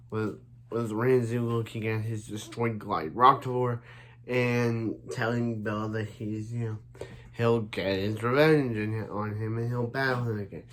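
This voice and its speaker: A man recapping an anime episode in casual chat, rambling with many restarts and repeated fillers. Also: medium pitch. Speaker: anime reviewer.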